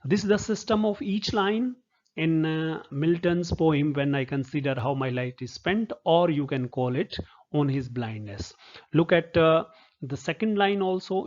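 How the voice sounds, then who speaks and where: A man's voice: a little high, moderate pace, a little mellow. A man giving a literature lecture, explaining patiently with many hesitant fillers. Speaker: literature professor. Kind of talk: recorded lecture. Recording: dull lo-fi recording.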